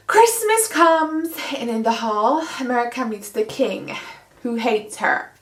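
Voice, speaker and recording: A woman's voice: fairly high pitch, animated, a little slow, a bit bright. A young woman giving a casual, sarcastic book recap as a vlogger. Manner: sarcastic and snarky. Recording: roomy echo.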